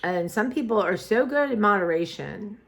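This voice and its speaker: A woman's voice: medium pitch, animated, moderate pace, vocal fry. A woman, vlogging in a rambling casual chat that trails off and restarts often.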